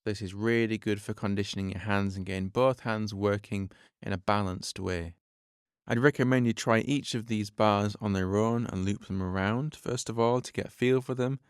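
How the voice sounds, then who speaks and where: Male drum teacher hosting his own podcast: low, smooth voice, dry close sound, patient step-by-step delivery. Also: steady tone, moderate pace, dry recording. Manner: patient, step-by-step explaining, counts beats aloud.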